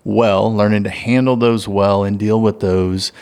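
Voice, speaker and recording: A middle-aged man, a guest, giving parenting advice in an animated way and acting out family exchanges. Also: on the low side, measured pace. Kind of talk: conversational advice.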